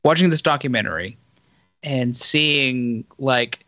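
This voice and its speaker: Stammering, animated podcast host man. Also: mid-range voice, dry recording, soft background music. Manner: halting, stammering restarts, animated storytelling. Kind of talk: casual chat.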